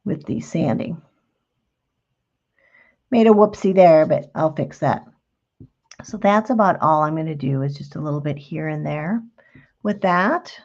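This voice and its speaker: Woman, middle-aged, craft host, homey chatty explaining, lowish voice, dull lo-fi stream audio. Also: a little slow, long pauses. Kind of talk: live craft demonstration.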